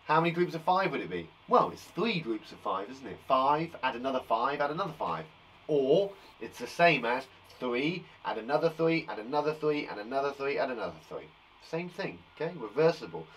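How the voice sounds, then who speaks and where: A man's voice: medium pitch, fairly bright tone, slight background noise. A man from England, a primary school teacher giving a live online maths lesson to young children, playful and encouraging, chatting to viewers by name.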